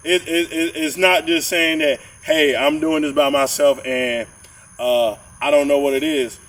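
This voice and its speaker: A man's voice: a little high, little pitch movement, a little slow, a bit bright, recorded from a distance, rough recording. Rambling man on a podcast. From southern Georgia, US. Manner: rambling, repeats words, preachy asides. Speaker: podcast co-host. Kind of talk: casual podcast chat.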